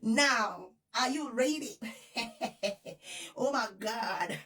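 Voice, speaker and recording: A woman with a Nigerian accent hosting an excited news vlog, effusive and giggly, repeating her appeals to viewers. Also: fairly high pitch, very slow, distant mic. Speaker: vlogger.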